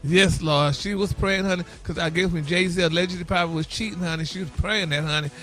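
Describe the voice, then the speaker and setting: A man's voice: high-pitched, steady tone, fairly quick, a bit bright, soft background music. A man delivering a celebrity gossip segment on morning radio, flamboyant and theatrical, saying honey and y'all constantly.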